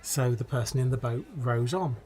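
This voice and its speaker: A man hosting a podcast, telling stories in a relaxed, wry way. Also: mid-range voice, normal speed. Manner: relaxed and wry, laughs at his own jokes. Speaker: podcast host. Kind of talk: conversational podcast storytelling.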